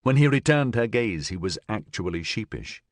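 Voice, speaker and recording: A man reading a science fiction audiobook as narrator, in an expressive, even-paced style on a close mic. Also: lowish voice, moderate pace, no room sound. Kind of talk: scripted narration.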